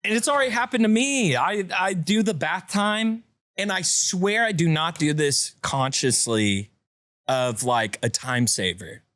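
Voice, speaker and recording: A man hosting a podcast in casual chat, joking and chiming in quickly. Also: no room sound, studio quality. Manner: jokey, quick interjections, lively pitch. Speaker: podcast host.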